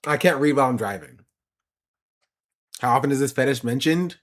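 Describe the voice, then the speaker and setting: A man with an expressive, mid-range voice talks briskly while streaming live, chatting casually and answering viewers' questions aloud. He laughs often and repeats phrases for emphasis.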